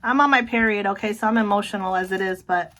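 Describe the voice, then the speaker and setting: A middle-aged woman chatting casually about her planner, excitable, often breaking off to say look. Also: medium pitch, fast talker, a little hiss or hum. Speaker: planner vlogger. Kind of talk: casual show-and-tell chat.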